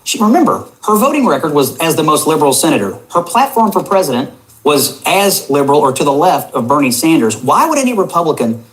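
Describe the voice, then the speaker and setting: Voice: medium pitch, very animated, quick pace, poor audio. A panelist on a TV political discussion, firing off incredulous rhetorical questions.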